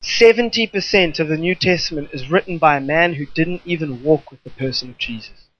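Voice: medium pitch, fairly quick, a bit bright, highs cut off. A preacher delivering a sermon to a gathering, talking in an emphatic, repetitive way with rambling asides.

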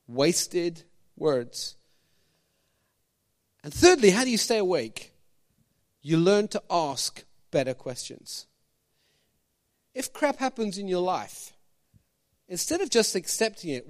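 A man preaching a sermon as pastor, animated, firing questions at the congregation with jokey asides. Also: high-pitched, takes it slowly, long pauses.

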